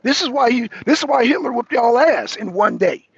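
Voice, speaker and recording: A man's voice: very high-pitched, expressive, normal speed, vocal fry, breathy edge, no room sound, muffled recording. An American man, a talk show host, ranting profanely in a heated political monologue, raising his voice and repeating himself. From United States. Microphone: streaming microphone.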